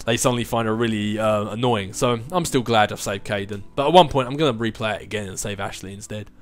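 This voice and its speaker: In a casual chat answering viewers' questions, a YouTube host in his twenties talks fast in a voice on the low side. He wanders from point to point, frequently starting over and laughing.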